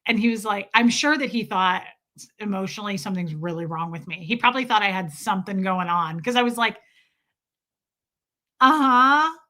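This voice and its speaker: A woman's voice: medium pitch, fast. A young woman livestreaming, telling a story in casual chat and acting out what people said, often breaking into laughter. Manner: animated, acts out quotes with laughs.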